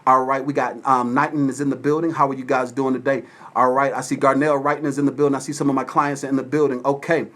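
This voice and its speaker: A man from Atlanta, Georgia, hosting a casual livestream from his phone at home and shouting out viewers by name. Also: medium pitch, level tone, fast, few pauses. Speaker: livestream host. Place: at home with windows open.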